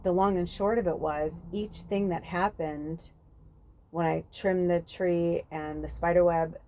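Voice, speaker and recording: A woman's voice: lowish voice, steady tone, unhurried, dark tone, slight background noise. A woman hosting a spiritual podcast, talking in a casual, rambling monologue full of fillers and the odd swear word.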